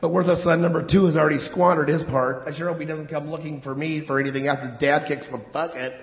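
A man's voice: fairly high pitch, fairly even intonation, quick pace, close to an everyday voice. A man playing a resentful, dutiful older son who complains defensively to a counselor in a stage play. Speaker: client of a counselor. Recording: roomy dull hall recording.

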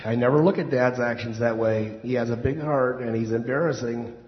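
A man's voice: mid-range voice, a little fast, lightly acted. A man playing a resentful, dutiful older son who complains defensively to a counselor in a stage play. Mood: complaining. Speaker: client of a counselor. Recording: roomy dull hall recording.

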